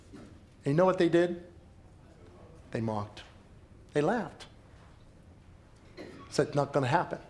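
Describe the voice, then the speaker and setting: A man preaching a sermon as a pastor, telling stories dramatically and repeating lines for emphasis. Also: a little high. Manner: dramatic storytelling with emphatic repetition.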